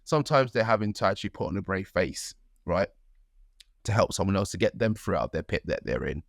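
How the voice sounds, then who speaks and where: A young man co-hosting a podcast, his voice sitting a little low and recorded dry and close, with no room sound. He talks earnestly and rambles through his stories, leaning on "like" and checking in with "right?". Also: lively intonation, fairly quick, vocal fry, no echo. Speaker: podcast co-host. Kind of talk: casual conversational storytelling.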